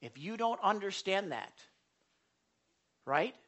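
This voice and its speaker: A man's voice: sits high, lively intonation, fairly bright tone. A man preaching a sermon as pastor, emphatic and often cutting himself off, acting out quoted apologies. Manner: rushed, self-interrupting, emphatic teaching.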